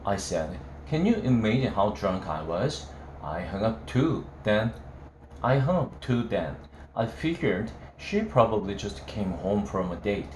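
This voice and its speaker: A man reading a novel aloud, telling it slowly in a casual first-person voice. His delivery is unhurried. The recording is roomy, with a faint hum of ambience behind him. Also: lowish voice, sing-song, darkish tone. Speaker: reader of a novel.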